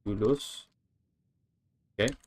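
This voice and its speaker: There's a little hiss or hum as a man whose first language is English streams a game and talks casually. Working out a translation out loud, he halts, starts over, and has a go at German words.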